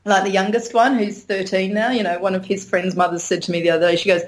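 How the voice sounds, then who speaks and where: A woman's voice: mid-range voice, flat delivery, fast talker, few pauses. A middle-aged woman, talking frankly as an interview guest and laughing often. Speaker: interview guest, sex educator. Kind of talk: candid conversational interview.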